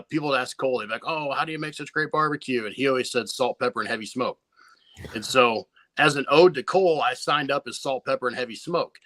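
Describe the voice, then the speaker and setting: Bright, laid-back pitmaster man telling stories. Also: medium pitch, no room sound. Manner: laid-back, swears freely, many restarts. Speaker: competition barbecue pitmaster, podcast guest. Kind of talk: casual storytelling interview.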